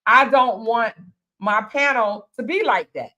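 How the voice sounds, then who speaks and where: A woman's voice: on the high side, unhurried, bright, forceful tone, highs cut off. A woman hosting a casual group chat, talking bluntly, cursing freely and repeating phrases for emphasis. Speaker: panel host.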